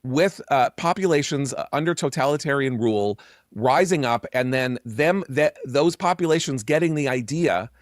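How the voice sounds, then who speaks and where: A man's voice: mid-range voice, animated, moderate pace, no room sound, clean studio sound. A man speaking as a guest on a political panel, emphatic and exasperated as he makes his case. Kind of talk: TV panel discussion.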